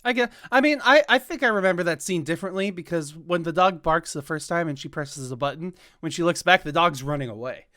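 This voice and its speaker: Joking podcast co-host, man, bright tense voice, a bit high. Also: lively intonation, fairly quick, hardly any pauses. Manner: joking, laughs often. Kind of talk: casual chat. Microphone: remote call over voice chat.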